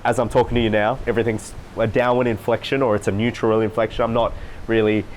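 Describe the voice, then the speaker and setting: A man's voice: on the low side, level tone, fast talker, darkish tone, slight background noise. Emphatic male coach talking to camera. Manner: emphatic, repetitive, mimics voices to demonstrate. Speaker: social life coach. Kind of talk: solo talk to camera, coaching monologue.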